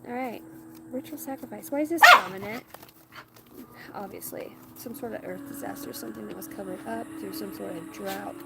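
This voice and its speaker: A woman's voice: mid-range voice, brisk, vocal fry. Rambling woman reading tarot outdoors. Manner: rambling, talks to her dogs. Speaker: tarot reader. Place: outdoors on rural land. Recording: loud outdoor background noise.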